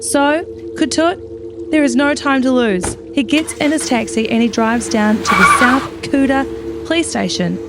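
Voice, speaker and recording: Woman co-host, chatty true crime storyteller, fairly high voice, hotel room. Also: moderate pace, noisy background. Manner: dramatic, chatty with swearing asides. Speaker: podcast co-host.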